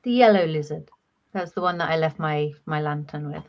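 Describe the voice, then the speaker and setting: A woman's voice: deep voice, a little fast, dull audio. A woman playing in a tabletop role-playing game, talking casually and restarting her sentences. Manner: chatty, with restarts. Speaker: player.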